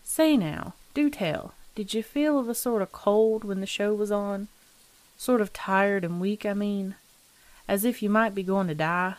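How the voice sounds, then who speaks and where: A woman voicing a sly old landlady who talks in a slow, metallic, folksy drawl, coolly unbothered. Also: medium pitch, no echo, natural voice. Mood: gossipy.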